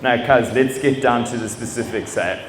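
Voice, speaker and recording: A young South African man doing live stand-up comedy, animated and full of impressions and sound effects. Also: medium pitch, normal speed. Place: stage in a large venue. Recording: echoey hall with audience noise.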